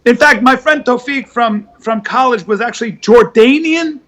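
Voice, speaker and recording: High, bright-voiced man stammering. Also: moderate pace. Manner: animated, stammering restarts. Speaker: guest comedian. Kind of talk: casual podcast chat.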